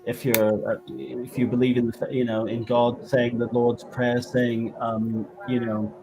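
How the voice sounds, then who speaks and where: A man's voice: mid-range voice, little pitch movement, a crowd in the background, rough recording. A man with a West Country English accent, a guest medium talking in a casual interview, full of fillers and restarts. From England. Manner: halting, many fillers and restarts.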